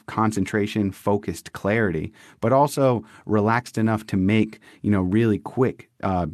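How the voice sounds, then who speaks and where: A man's voice: lowish voice, a little mellow, no echo, clean studio sound. A young man co-hosting a wellness podcast, talking with enthusiasm and often stopping to restart his sentences. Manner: enthusiastic, frequent restarts and fillers. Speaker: podcast co-host. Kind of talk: casual wellness podcast chat.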